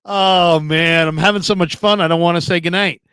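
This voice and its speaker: A man with a high voice hosts a loose live sports stream. He tells rambling funny stories and reads viewer comments aloud. The sound is close and dry, with no room. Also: steady tone, normal speed, bright, forceful tone, clear, resonant tone, dry recording. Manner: joking storyteller, reads chat comments aloud. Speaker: podcast host.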